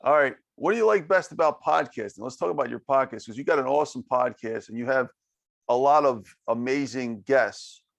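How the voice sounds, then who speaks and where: A man's voice: mid-range voice, fairly quick, gravelly, no echo. A man with an accent hosting a podcast interview, friendly and laughing often. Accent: non-native English accent. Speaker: podcast host. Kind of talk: casual interview.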